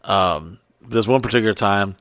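A man's voice: lowish voice, fairly bright tone, no echo. Profane rambling man, dry sound. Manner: rambling, profane, halting with many restarts. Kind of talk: casual storytelling chat.

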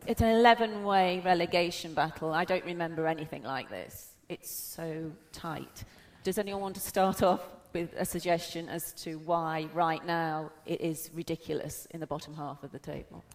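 A woman hosting a live panel event, putting clear questions to the guests. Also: low-pitched, normal speed, hardly any pauses. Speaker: host.

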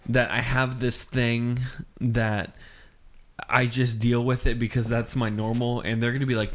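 A young man hosts a relaxed podcast conversation. He rambles and restarts his sentences, often poking fun at himself, in an ordinary mid-range voice. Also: medium pitch, unhurried. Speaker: podcast host. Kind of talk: casual chat.

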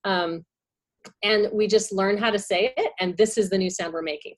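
A woman's voice: medium pitch, fairly even intonation, moderate pace. Upbeat woman explaining a therapy tip. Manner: enthusiastic, explains with many fillers. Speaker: speech therapist. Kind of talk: casual podcast chat.

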